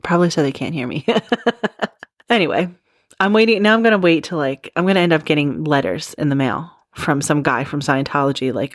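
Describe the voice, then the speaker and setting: A woman hosts her podcast in a loose, chatty explainer, her speech peppered with "like" and "you know" as she pokes fun at herself. Her voice sits on the lower side for a woman. The sound is dry and close, with no room ring. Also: brisk, no room sound. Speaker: podcast host. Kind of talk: casual explainer monologue.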